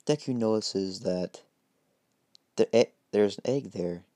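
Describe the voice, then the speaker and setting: A man's voice: on the low side, slow pace, warm tone, no room sound, studio quality. A man improvising a game story as narration, rambling and hesitant with many fillers.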